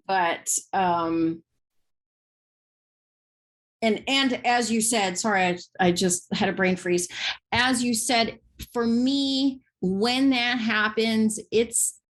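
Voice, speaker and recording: A woman co-hosting a podcast, chatting casually about intuition and telling stories with lively, acted-out dialogue. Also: medium pitch. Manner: lively storyteller, acts out quoted dialogue. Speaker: podcast co-host. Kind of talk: casual spiritual conversation.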